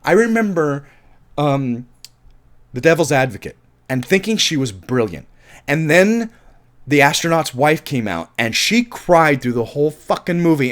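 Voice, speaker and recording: A man's voice: on the high side, animated, moderate pace. A man giving a casual, rambling film review, frank and profane, circling back and repeating himself when frustrated.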